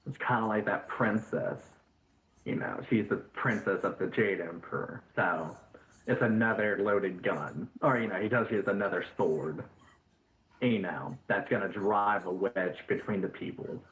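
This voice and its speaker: A man's voice: on the low side, a little slow, fairly bright tone, echoey room, muffled recording. A man narrating a tabletop game as game master in a loose, chatty way, full of fillers. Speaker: dungeon master. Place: home voice chat.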